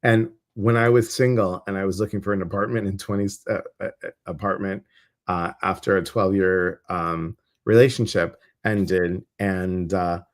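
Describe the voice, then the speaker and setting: This middle-aged man co-hosts a casual weekly livestream, an intuitive live show, with a low voice, fairly even intonation and a moderate pace. He tells stories animatedly and acts out his own reactions.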